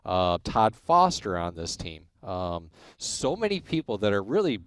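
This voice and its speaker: A man's voice: fairly low pitch, measured pace, clean tone, no room sound. A man in his forties, originally from Illinois, telling stories about his racing career in a casual interview and acting out the dialogue. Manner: animated storyteller acting out quoted dialogue. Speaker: guest, racing crew chief.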